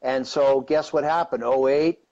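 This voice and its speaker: Speaking a little slowly, a man in his fifties from Canada tells a long, rambling personal story as a guest on a live-streamed interview, leaning on "you know" and "right?". His mid-range voice is slightly mellow with fairly even intonation, and the audio sounds dull.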